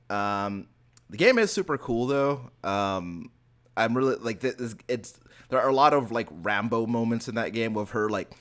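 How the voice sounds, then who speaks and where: Podcast host, male, low voice, loose casual rambling delivery. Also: a bit bright. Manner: rambling, many "like" fillers and restarts. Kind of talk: casual chat.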